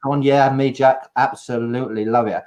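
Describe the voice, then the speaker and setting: A man's voice: medium pitch, fairly even intonation, moderate pace, darkish tone. A man hosting a live online chat, upbeat and reading out viewer comments. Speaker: host of a live cruise chat. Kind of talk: casual live-stream chat.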